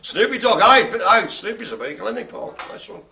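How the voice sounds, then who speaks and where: A man calling bingo with a bright, slightly high voice that swings widely up and down. He jokes, teases his co-hosts and wanders off into rambling trivia between calls. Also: lively intonation, fairly quick, vocal fry. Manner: jokey, teasing, rambling. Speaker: bingo host. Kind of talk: live online bingo banter.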